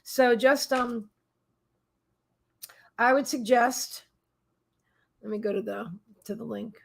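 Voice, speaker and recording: A woman's voice: a little high, fairly even intonation, gravelly. A woman hosting a live psychic reading stream, chatting casually and effusively, repeating her thanks and greetings, with frequent restarts and fillers. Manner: halting restarts and many fillers.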